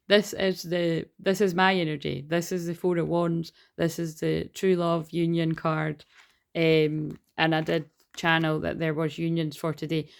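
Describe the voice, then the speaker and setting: Chatty woman with a gravelly edge. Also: low-pitched. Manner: rambling, chatty, swears casually. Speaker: tarot reader and energy healer. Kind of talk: casual tarot reading.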